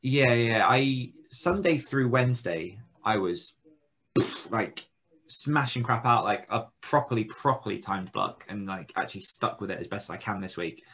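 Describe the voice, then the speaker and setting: A man's voice: on the low side, lively intonation, unhurried, a bit bright, slightly rough. A man hosting a podcast, chatting casually in a jokey, teasing, rambling way. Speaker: podcast host. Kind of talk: casual chat.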